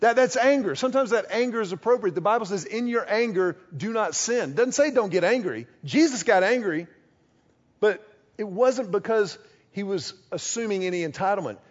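A man preaching a sermon, lively and conversational, acting out short quoted exchanges as he goes. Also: sits high, fairly quick, dull audio. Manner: animated, acts out little quoted exchanges. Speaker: pastor.

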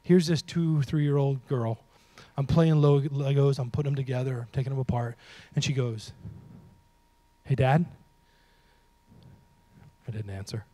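Man, pastor, sermon, humorous, animated, hushed emphasis, mellow, dry sound. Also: mid-range voice, normal speed, hardly any pauses, no room sound. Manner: humorous, talks to the audience directly.

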